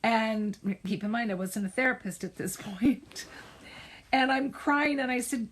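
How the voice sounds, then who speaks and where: Slow-speaking woman therapist telling a story. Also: on the high side. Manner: unhurried, personal, with restarts and self-corrections. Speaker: therapist and coach on a live stream. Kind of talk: casual storytelling and advice on a live stream.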